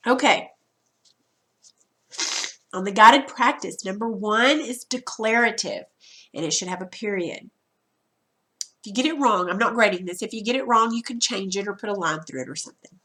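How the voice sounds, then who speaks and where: A woman's voice: medium pitch, bright, forceful tone. A woman teacher talking students through a recorded grammar lesson, chatty and informal, repeating herself and restarting as she explains.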